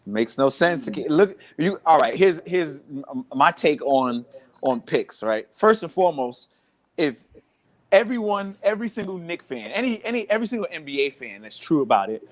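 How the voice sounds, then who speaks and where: A man's voice: a little high, sing-song, normal speed. Man, casual sports co-host, laid-back, repeats phrases, calling from a hotel room. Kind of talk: casual chat. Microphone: Wi-Fi call.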